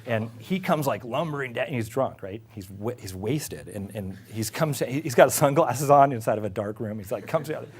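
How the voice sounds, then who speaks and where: Animated middle-aged man telling a story. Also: mid-range voice, normal speed, hardly any pauses. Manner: animated, laughing, acts out quotes. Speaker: executive. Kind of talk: casual anecdote.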